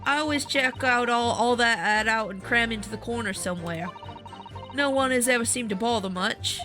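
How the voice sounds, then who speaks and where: A woman voicing a scrappy young street urchin girl in a put-on Cockney accent that slips toward Southern US, talking in cheeky, slangy, rough-grammar speech. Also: on the high side, moderate pace, over music, natural voice. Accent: put-on Cockney, drifting toward Southern US. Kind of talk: reading game dialogue aloud.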